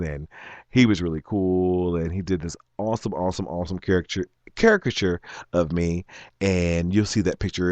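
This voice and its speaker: Low-voiced man hosting a rambling solo show. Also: no echo. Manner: rambling, many ums and restarts. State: coughing. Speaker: podcast host. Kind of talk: casual solo talk show.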